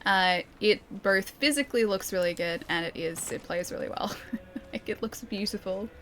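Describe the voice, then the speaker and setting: A woman's voice: mid-range voice, normal speed, a bit bright, slight background noise. A woman with an Australian Melbourne accent, chatting casually with viewers while playing a game, laughing often. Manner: chatty, giggly, talks to chat. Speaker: streamer. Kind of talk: casual gameplay chat.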